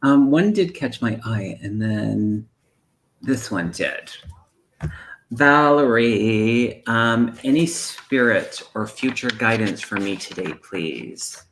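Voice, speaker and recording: A man hosting a live stream of psychic readings over a video call, speaking softly and wandering through loose analogies. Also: lowish voice, lively intonation, slow pace. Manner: soft, meandering, thinks aloud in loose analogies. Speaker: psychic medium and stream host.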